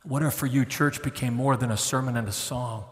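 A middle-aged man preaching a sermon as a guest preacher, swinging from loud pleading to hushed, tender near-whispers. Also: mid-range voice, fairly even intonation, fairly quick. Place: church sanctuary. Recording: long hall reverb.

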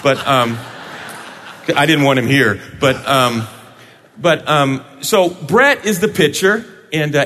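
A male pastor preaching a sermon in a church sanctuary, playful and animated, joking with his congregation. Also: on the high side, long reverb tail.

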